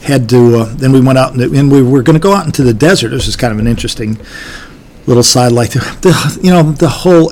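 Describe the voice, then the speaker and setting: A man's voice: medium pitch, creaky, a little mellow, slight background noise. An older army veteran gives an oral history recollection of his service, talking in a folksy, rambling way with many restarts.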